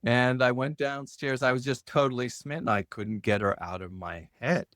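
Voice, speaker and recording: Casting: middle-aged man, podcast guest, animated storyteller, dry close recording. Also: normal speed, no room sound. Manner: animated storyteller, lifts his pitch sharply when quoting others. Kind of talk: storytelling in conversation.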